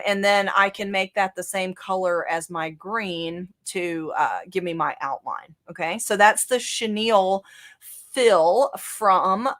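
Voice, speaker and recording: A woman with a Southern US accent, giving a casual live software tutorial as the instructor and talking through each click with frequent fillers. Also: mid-range voice. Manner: casual, chatty, thinking aloud with fillers.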